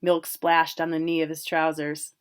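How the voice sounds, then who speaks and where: Woman calmly reading a novel aloud. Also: low voice, clean tone. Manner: plain, unhurried, with casual asides about pronunciation. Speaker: reader. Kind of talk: reading a novel aloud, first-person narration.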